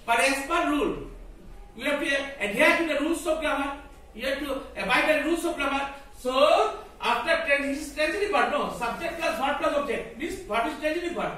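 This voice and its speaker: A man's voice: extremely high pitch, a little fast, pushed and bright, distant mic. A male English teacher giving a grammar lesson to a class, asking questions and having students repeat the rules. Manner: repetitive, questioning, drills students in call-and-response. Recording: very echoey room, voice from afar.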